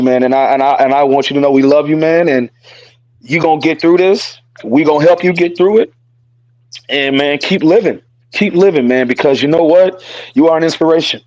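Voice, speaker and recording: A fairly high-voiced man talks in an earnest, repetitive way, cursing freely as he offers support. The sound is dry and close, with no room echo. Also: darkish tone, lo-fi sound. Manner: earnest, repeats phrases, curses freely. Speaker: podcast co-host. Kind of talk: casual heartfelt podcast talk.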